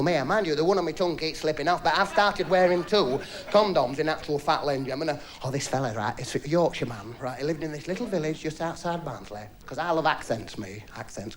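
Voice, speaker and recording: A man doing a live stand-up routine, chuckling cheekily through his punchlines. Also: on the high side. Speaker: stand-up comedian. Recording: live club set, audience and noise.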